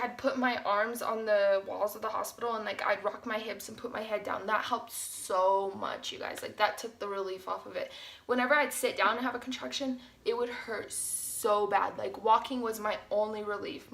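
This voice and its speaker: A young woman tells a story to her viewers in a loose, chatty way, full of "like" and "you guys." Her voice sits a little high and sounds bright and forward. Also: vocal fry. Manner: chatty, animated, says "like" often. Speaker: vlogger. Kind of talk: casual storytime.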